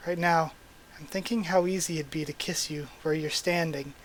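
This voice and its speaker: A man's voice: on the high side, fairly even intonation, moderate pace, lightly acted. A man voicing a tall, shy young male wolf as he reads a manga aloud, earnest and awkward, in his own everyday voice. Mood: tender.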